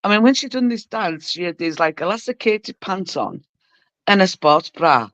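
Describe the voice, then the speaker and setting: A woman's voice: on the low side, lively intonation, moderate pace, fairly bright tone, dry recording. A woman co-hosting a livestream, greeting viewers and swapping swear-laden gossip. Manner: chatty, greets viewers, curses. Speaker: livestream co-host. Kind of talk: casual gossip chat. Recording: dull dry lo-fi stream audio.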